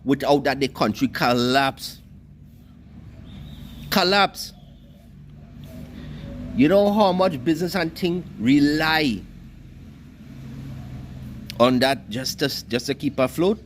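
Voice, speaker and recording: A man's voice: a little high, measured pace, long pauses, slight background noise. A man with a Trinidadian Creole accent, delivering a heated, scornful monologue and cussing freely. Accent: Trinidadian Creole English. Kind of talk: ranting monologue.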